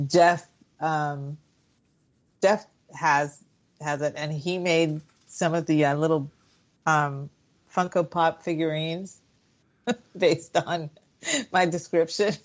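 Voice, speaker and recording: A woman co-hosting a radio talk show, chatting casually and laughing often. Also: deep voice. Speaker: podcast co-host. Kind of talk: casual chat.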